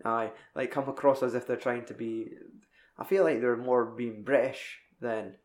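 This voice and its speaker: A man's voice: medium pitch, fairly even intonation, normal speed. A young man in casual chat, recapping a film in a rambling, sweary way. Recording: echoey room.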